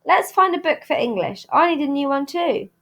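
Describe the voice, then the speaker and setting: An earnest, bookish young girl in a storybook, read by a woman. She speaks thoughtfully and a little awkwardly, in a fairly high voice. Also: expressive, moderate pace, a bit bright. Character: thoughtful, earnest girl who loves books.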